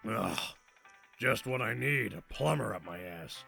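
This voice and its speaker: A man voicing a gruff, crude male turtle-dragon king with a husky, gravelly voice and a blunt, grumbling manner. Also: on the low side, expressive, unhurried, sharp tone, faint music behind, heavily acted.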